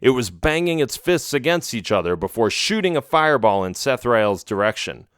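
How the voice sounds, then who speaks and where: A man reading a children's adventure audiobook in a steady, measured way. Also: mid-range voice, smooth, dry recording, studio quality. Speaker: audiobook narrator. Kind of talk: storybook narration.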